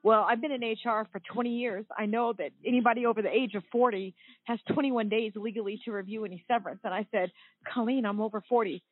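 A woman in her forties, a guest telling her own story over the phone, earnest and halting, often restarting her sentences. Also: fairly high pitch, steady tone, no room sound. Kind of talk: recounting a personal story on a call-in show. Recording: thin phone-line audio, dry.

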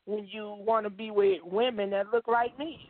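A woman co-hosting a radio show in casual comedic banter, speaking in a measured, matter-of-fact way. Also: medium pitch, fairly even intonation. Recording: lo-fi phone-like sound with faint noise.

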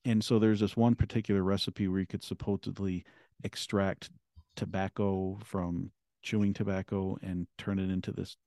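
A man in his forties, a podcast guest, telling a personal story earnestly, halting and restarting often. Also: low voice, flat delivery, dark tone, no room sound, studio quality. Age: 40s.

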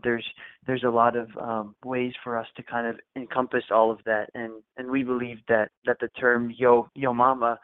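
A man speaking as a radio guest over a tinny phone line, his voice dry and narrow. His tone stays flat and level, and he talks hesitantly, restarting often and filling pauses with fillers. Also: mid-range voice, dry recording. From United States. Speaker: guest, food company founder. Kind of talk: casual radio interview.

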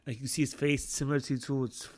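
A man's voice: medium pitch, little pitch movement, quick pace. A man, a podcast guest chatting casually, swearing a lot and laughing through his stories. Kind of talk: casual chat.

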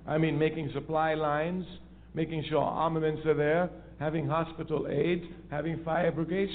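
A man giving an emphatic political lecture, repeating key phrases for stress. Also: a little high. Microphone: phone line. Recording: tinny phone-line audio with faint noise.

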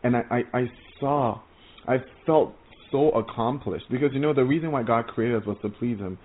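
A man's voice: mid-range voice, normal speed. Earnest stammering preacher man, tinny sound. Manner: rambling, stammering restarts, earnest and excitable. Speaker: preacher sharing visions. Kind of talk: informal testimony sermon. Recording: tinny phone-like audio.

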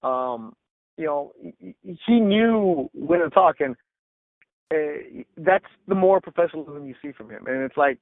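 A male sports reporter telling stories in a casual interview, animated and full of "like" and "bro", acting out quotes. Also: fairly high pitch, unhurried, no room sound, phone-quality sound. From Los Angeles. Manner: animated, acts out quotes, says "like" and "bro" often.

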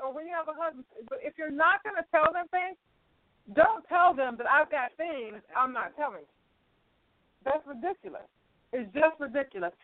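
A woman's voice: high voice, dry recording. Emphatic woman hosting an advice radio show. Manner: emphatic, lecturing with repeated "right". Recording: tinny phone-like radio line with hiss.

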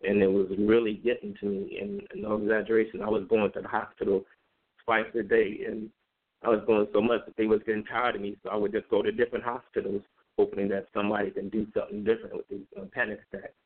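A man telling his personal story in a halting, conversational way, with many fillers and repeated words. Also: fairly low pitch, level tone. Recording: phone-like narrow band.

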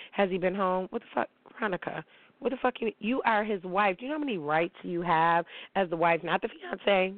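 A woman's voice: on the low side, no echo. A woman in her forties hosting a talk show, delivering a brash, profane, heated rant about celebrity gossip. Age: 40s. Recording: tinny phone-like line, dry.

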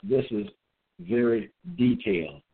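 A man preaching a religious monologue at an unhurried, deliberate pace, his pitch swinging widely as he stresses each point. He repeats himself and spells words out letter by letter. The sound is thin and tinny, as though it came over a phone line. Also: lively intonation, slightly rough. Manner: emphatic and repetitive, spells out letters; hesitant restarts with frequent uh. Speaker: self-styled religious teacher.

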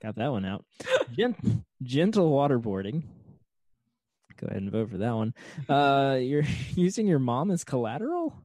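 Co-host, man, wry, mellow dark tone, expressive pitch. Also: normal speed, no room sound, clean studio sound. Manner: wry, reads listener titles aloud. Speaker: podcast co-host. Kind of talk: casual chat.

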